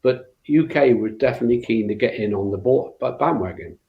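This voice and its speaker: A former rally co-driver, an older man with a West Country accent, tells interview stories fairly quickly in a gravelly, mid-range voice. His telling wanders with lots of fillers and restarts, captured in a roomy, dull, lo-fi recording.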